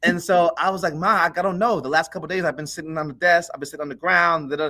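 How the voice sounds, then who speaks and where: A man on a podcast telling a childhood story in a casual, animated way, acting out the voices of the people in it. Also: fairly high pitch, very fast. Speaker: podcast co-host.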